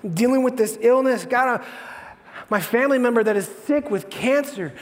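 A man's voice: very high-pitched, lively intonation, moderate pace, in a large hall, pitched above the performer's own voice. A man voicing a desperate person crying out to God in a frantic, pleading way.

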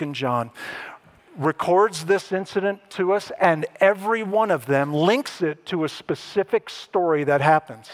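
Higher-voiced man preaching a sermon. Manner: conversational preaching, wry asides, lively emphasis. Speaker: pastor.

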